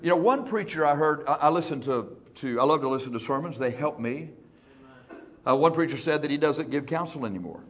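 A male pastor preaching in a church, folksy and emphatic, speeding up and slowing down for effect. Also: fairly high pitch, lively intonation, a little hiss or hum. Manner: folksy, emphatic, shifting between fast and slow. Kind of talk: sermon.

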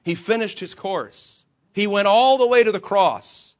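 Unhurried and high-voiced, a man preaches as a pastor to fellow believers. He swings his emphasis, asks rhetorical questions, and plays out the quoted voices of himself and the Lord.

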